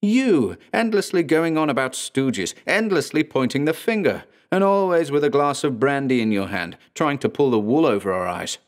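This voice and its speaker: A man voicing a paranoid man who hurls accusations, shrill and rising to a fever pitch. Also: animated, moderate pace, natural voice. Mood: accusing.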